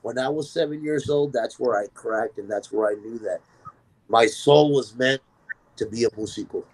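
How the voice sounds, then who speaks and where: A man, a musician guest on a podcast, telling a story in an animated way and acting out the voices of the people in it. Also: mid-range voice, normal speed, slight background noise, rough recording. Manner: animated, acts out quoted voices in his stories.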